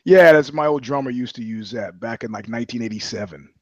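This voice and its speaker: A man's voice: medium pitch, fairly quick, darkish tone, no echo, dull audio. A middle-aged man co-hosting a podcast, rambling in casual chat with chuckles and restarts. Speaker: podcast co-host.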